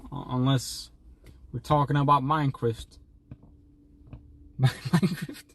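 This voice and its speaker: Reading out donations during a casual livestream chat, this young man from Sweden rambles playfully and keeps restarting his sentences. He talks slowly, in a mid-range voice with fairly even intonation.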